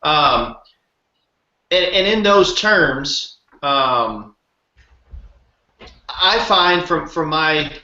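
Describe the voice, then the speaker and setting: A man's voice: a little high, pushed and bright. A man hosting a podcast interview, asking long, rambling questions with enthusiasm. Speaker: podcast host. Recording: roomy, dull lo-fi sound.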